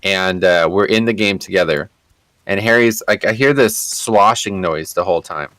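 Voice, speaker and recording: A man streaming a game, telling a rambling story in an animated, casual way and swearing freely. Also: low-pitched, normal speed, no room sound.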